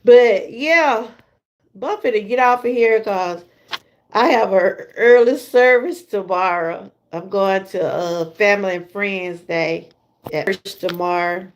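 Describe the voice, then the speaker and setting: A woman's voice: medium pitch, measured pace, highs cut off, a little hiss or hum. A middle-aged woman with a Southern US accent, chatting casually to her viewers on a livestream and laughing often. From Georgia, USA. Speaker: livestream host.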